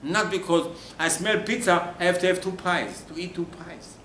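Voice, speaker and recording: A rabbi gives an emphatic Torah sermon in a high-pitched, fairly bright voice at a moderate pace. He fires rhetorical questions at his listeners and suddenly sinks to a near-whisper, recorded in a roomy space with faint ambient noise.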